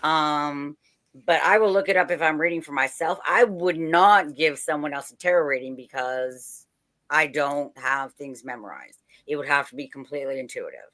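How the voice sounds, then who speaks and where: A woman's voice: low voice, moderate pace, fairly bright tone. A woman co-hosting a casual chat, talking in a frank, skeptical and chatty way. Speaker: medium and co-host.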